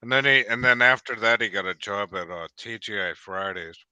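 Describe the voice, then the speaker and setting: A man's voice: fairly low pitch, brisk, pushed and bright, clean tone, no room sound. A man casually chatting on a live stream, telling long rambling stories with many restarts. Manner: rambling storyteller, frequent restarts. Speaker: host. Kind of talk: casual chat.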